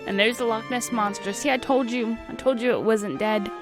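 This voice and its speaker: A woman's voice: on the high side, fairly even intonation, moderate pace, music in the background. A woman hosting a livestream, chatting casually and wryly with her viewers about an old film. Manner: chatty, wry, talks back to chat. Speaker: livestream host. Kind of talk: casual chat while watching a film.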